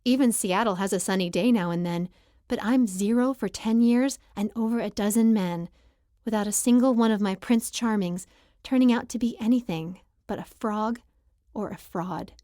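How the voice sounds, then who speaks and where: A woman narrating a first-person romance audiobook in an emotional, expressive reading. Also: medium pitch, moderate pace, no room sound, clean studio sound.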